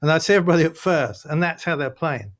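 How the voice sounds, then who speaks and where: A man, a guest in a casual interview, talking in an animated storytelling way and laughing often. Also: fairly high pitch, fast, a little hiss or hum. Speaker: guest, workshop leader.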